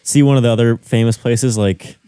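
A man's voice: mid-range voice, steady tone, brisk, warm tone, smooth, no room sound. A young man co-hosting a podcast, laid back and hesitant, with lots of fillers. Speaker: podcast co-host. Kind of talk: casual chat.

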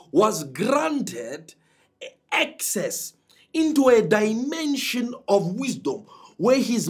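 A man preaching a sermon to a congregation with emphatic delivery and dramatic swings in pitch. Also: husky.

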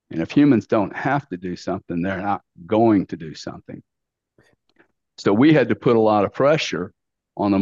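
Middle-aged man, blunt and brash, slangy, lowish voice, dull dry recording. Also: darkish tone, no room sound. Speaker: podcast guest. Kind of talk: casual storytelling interview.

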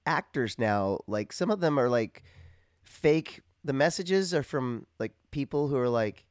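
A man's voice: medium pitch, expressive, measured pace, darkish tone, dry recording, clean studio sound. A man co-hosting a casual comedy podcast, talking loosely with lots of fillers and mimicking callers. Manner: loose, many yeahs and likes, mimics callers. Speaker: podcast co-host.

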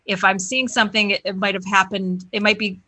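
A woman with a bright, ringing voice and an Upper Midwest accent chats casually as a podcast guest. Her talk wanders, halts and restarts, at a middling pitch for a woman. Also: steady tone. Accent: Upper Midwest American. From Wisconsin, USA. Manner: rambling, halting, many restarts. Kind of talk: casual chat.

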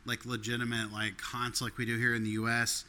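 A man's voice: medium pitch, little pitch movement, a little fast, sharp tone. A man co-hosting a casual podcast chat, rambling with many fillers and frequent laughter. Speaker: podcast co-host.

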